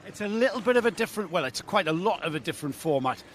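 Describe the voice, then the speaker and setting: A man's voice: sits high, animated, rapid-fire, slight background noise. Enthusiastic male trackside presenter. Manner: enthusiastic, chatty, rambling questions. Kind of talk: live pit-lane interview.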